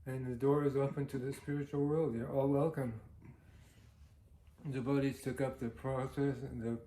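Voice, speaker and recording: A man's voice: mid-range voice, level tone, normal speed, warm tone, slight background noise. A man giving a devotional storytelling talk, earnest and anecdotal, chuckling now and then. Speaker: devotional speaker. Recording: roomy echo.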